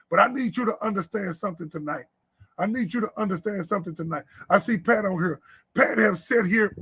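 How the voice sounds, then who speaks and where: Raspy, bright-voiced man preaching with fervor. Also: high voice. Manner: impassioned preaching, repeating lines, sometimes shouting. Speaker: preacher at a men's church meeting. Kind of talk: sermon. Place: church live stream.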